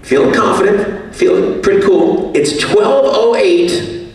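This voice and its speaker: A man speaks at a banquet, telling self-mocking stories with jokes. His voice sits a little high. The sound reaches the mic from across the room and rings in a heavily echoing hall. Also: slow pace, creaky, recorded from a distance. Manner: self-mocking, jokey storytelling. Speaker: banquet speaker, radio executive. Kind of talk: after-dinner speech with anecdotes. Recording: echoey hall, voice from afar.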